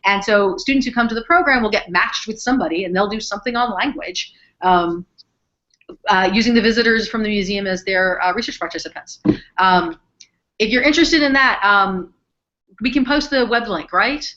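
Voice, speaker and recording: A woman, a psychology professor from the northern United States, explaining her research in a chatty, lively way with many ums. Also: mid-range voice, moderate pace, highs cut off. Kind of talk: explaining research in an online chat.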